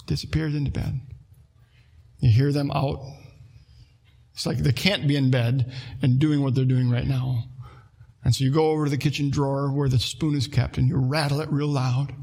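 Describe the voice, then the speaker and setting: A pastor preaching a conversational sermon, telling a family story with acted-out quotes. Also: male voice, fairly high pitch.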